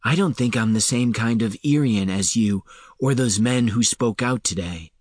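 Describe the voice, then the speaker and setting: A man voicing a principled woman who speaks quietly and firmly in an audiobook. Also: medium pitch, moderate pace, dry recording, studio quality, natural voice. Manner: quiet, firm. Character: firm, principled winged woman healer.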